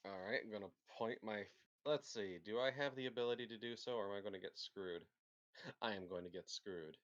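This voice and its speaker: A man's voice: fairly low pitch, fairly quick, lo-fi sound. A man playing a tabletop game, thinking aloud and hesitating over his moves.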